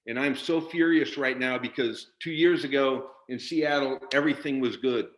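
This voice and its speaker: A man's voice: mid-range voice, normal speed. A man in a union virtual town hall, furiously questioning leadership over a video call, swearing and repeating himself. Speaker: union member asking a question.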